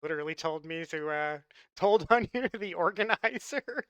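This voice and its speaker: A man's voice: high voice, expressive, normal speed, a bit bright, smooth, no room sound. A man chatting casually with his audience on a live stream, loose and joking, laughing often and swearing freely. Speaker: livestreamer.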